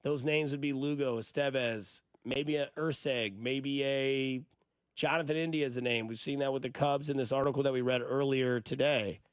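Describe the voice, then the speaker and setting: A man hosting a morning sports talk radio show, riffing in an animated way and teasing his listeners, on a studio mic. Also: medium pitch, moderate pace, clear, resonant tone, dry recording.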